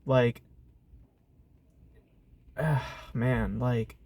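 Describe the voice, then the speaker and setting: A man's voice: mid-range voice, fairly even intonation, very slow, darkish tone. A man giving a casual, ranting movie review, profane and exasperated, full of fillers and rhetorical asides. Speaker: film reviewer.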